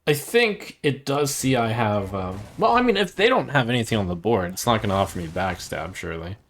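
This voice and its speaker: A man's voice: lowish voice, sing-song, a little fast, fairly bright tone. A man streaming a card game, thinking aloud as he weighs each play and second-guesses himself. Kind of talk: casual gameplay commentary.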